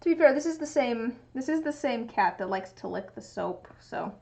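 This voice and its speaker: A woman's voice: on the high side, expressive, normal speed, creaky, a little mellow. A young woman streaming casually, chatting to viewers and cooing at her cat in a baby voice. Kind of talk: casual livestream chat. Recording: muffled lo-fi stream audio.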